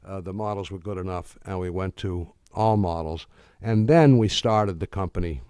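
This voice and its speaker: An older man giving a talk to an audience, telling a story in a halting, wry way with many restarts. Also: sits low, mellow, clear, resonant tone, no room sound, studio quality.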